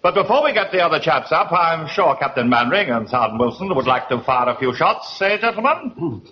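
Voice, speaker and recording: A man's voice: fairly high pitch, big pitch swings, brisk. An actor playing a brusque, pompous middle-aged army major who barks drill commands and scolds his men. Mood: scolding. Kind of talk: sitcom acting. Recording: dull old TV audio with hiss.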